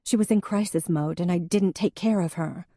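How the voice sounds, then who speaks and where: A woman's voice: fairly low pitch, moderate pace, warm tone, no room sound, studio quality. A woman voicing an earnest, self-doubting female deputy who bursts out emotionally. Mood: upset. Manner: emotional, impulsive outbursts.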